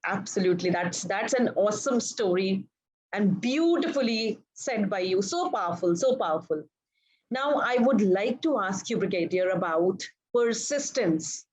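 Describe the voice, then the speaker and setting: A woman's voice: mid-range voice, a little slow, a little mellow, slightly rough, low-quality recording. Woman host asking interview questions. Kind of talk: interview conversation.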